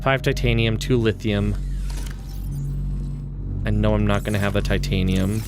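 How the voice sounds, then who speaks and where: A man's voice: fairly low pitch, steady tone, normal speed, music in the background. A man from Western Canada chatting casually while streaming a game. He rambles, restarts his sentences and chuckles often. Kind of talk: casual gaming stream chat.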